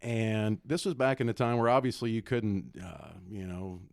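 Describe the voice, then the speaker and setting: Man, middle-aged, former coach, animated storyteller, frequent laughs, dry close sound. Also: on the low side, normal speed, creaky, no room sound. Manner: animated, laughs often, acts out others' lines. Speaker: guest, former basketball coach. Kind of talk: storytelling in casual podcast chat.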